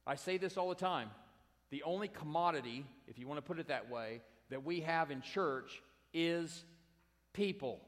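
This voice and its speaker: Emphatic preacher with a higher voice in a reverberant hall. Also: male voice, moderate pace. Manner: emphatic, repeating key phrases, direct address to congregation. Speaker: pastor. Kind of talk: sermon.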